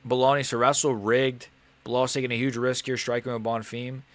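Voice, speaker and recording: A man's voice: mid-range voice, brisk, no room sound. A young man casually commentating a live fight on a stream, swearing and getting worked up, often grumbling under his breath. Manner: casual, swearing, animated and frustrated. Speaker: MMA streamer.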